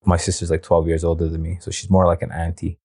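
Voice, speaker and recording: A man with a low voice tells his story casually, acting out dialogue with plenty of fillers. He sounds set back from the mic in an echoey room. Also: level tone, fast, warm tone. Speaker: interview guest telling his story. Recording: roomy, distant mic.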